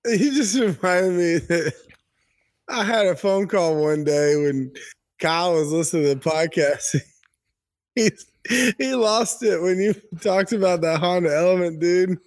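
A man with a high voice co-hosts a podcast in casual chat. He teases his partner and laughs often between remarks. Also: a little slow, darkish tone. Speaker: podcast co-host.

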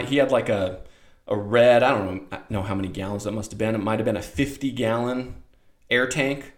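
A middle-aged man telling a rambling, animated childhood story in a casual way, acting out voices. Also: fairly low pitch, normal speed. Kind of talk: casual anecdote. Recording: roomy echo.

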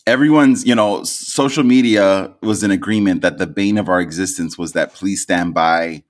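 A man's voice: low-pitched, normal speed. A man co-hosting a podcast, chatting casually with a rambling, self-correcting way of talking full of fillers. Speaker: podcast co-host. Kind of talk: casual chat.

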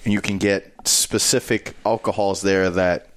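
Man, lower voice, enthusiastic, promotional, casual chat. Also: steady tone, a little slow. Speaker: cigar bar staff member on podcast.

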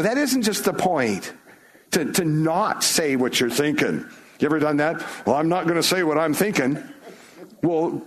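A man's voice: a little high, breathy edge. A man, a pastor, giving a conversational sermon full of rhetorical questions and storytelling.

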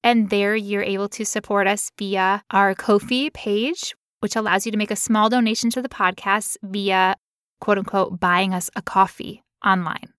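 A woman's voice: mid-range voice, fairly even intonation, moderate pace, fairly bright tone, dry recording, clean studio sound. A woman co-hosting a podcast in casual chat, playful and joking, laughing often. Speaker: podcast co-host.

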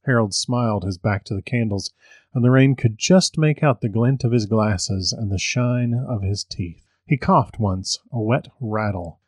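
A man who hosts a podcast, reading a story aloud in an even, measured way. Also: fairly low pitch, no room sound.

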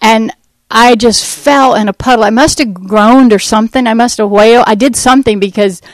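Woman, slightly high voice, dry close sound; church testimony, lively storyteller who acts out dialogue. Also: normal speed, no echo, low-quality recording. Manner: animated storytelling that acts out quoted speech; rambling, with fillers and restarts. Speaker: Christian ministry speaker. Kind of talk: personal faith testimony to a church audience.

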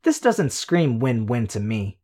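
Man reading a deadpan sarcastic teen girl. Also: medium pitch, a little slow. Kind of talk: audiobook character voice.

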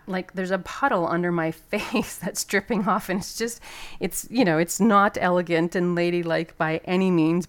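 A woman telling a personal story to make a motivational point, candid and animated, with casual swearing. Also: fairly low pitch, no room sound. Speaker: motivational speaker. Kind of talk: personal story told to an audience.

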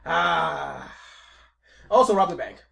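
A man's voice: a little high, lively intonation, slow pace, creaky, a bit bright, voice pushed up, exaggerated voice. A man voicing a boastful male mafia thug with chummy, bragging patter.

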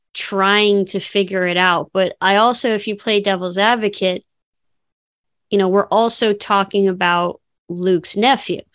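A woman co-hosting a casual film podcast, talking in an animated way and acting out quotes in voices. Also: medium pitch, no echo, studio quality. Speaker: podcast co-host. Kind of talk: casual chat about films.

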